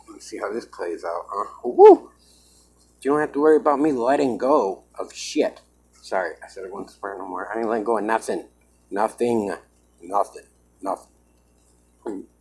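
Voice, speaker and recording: Filming himself, this male vlogger delivers a worked-up, emphatic monologue peppered with "man." He has a medium-pitched, husky voice with a darkish tone, and the audio quality is poor.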